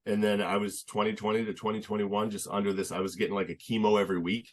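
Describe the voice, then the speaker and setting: A young man chatting as a podcast guest, telling his story in an earnest, halting way with many restarts. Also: on the low side, little pitch movement. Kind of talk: casual conversational storytelling.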